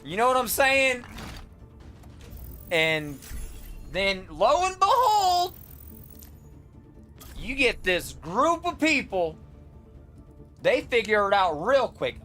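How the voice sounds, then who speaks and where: Brief: unhurried, foul-mouthed streamer ranting from a home setup, game music pounding loudly underneath. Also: mid-range voice, very animated. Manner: profane, rambling, acts out quotes in shouts. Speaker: live streamer. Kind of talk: casual rant to stream chat.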